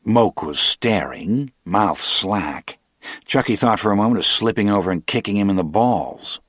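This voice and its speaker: A man narrating a crime audiobook, in a measured, rhythmic storytelling style with slowed emphases. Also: lowish voice, animated, dry recording, clean studio sound.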